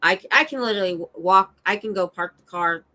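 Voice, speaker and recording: A middle-aged woman, a security guard hosting a casual livestream chat, telling animated stories from her work. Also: mid-range voice, fast talker, rough recording. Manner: animated storyteller, acts out her own shouts.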